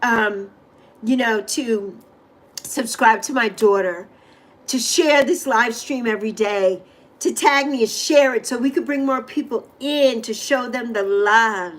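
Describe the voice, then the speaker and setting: This is a heartfelt livestream chat from a middle-aged woman who speaks directly to viewers over a desk microphone. She's effusive, emotional and repetitive, her voice a little high and her delivery a little slow.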